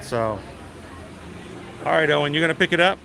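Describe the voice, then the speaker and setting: A man's voice: fairly high pitch, expressive, moderate pace, creaky, pushed and bright, a little hiss or hum. A man in his thirties hosting a casual live vlog outdoors at a theme park, chatty and jokey, rambling along as he goes. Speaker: livestream host.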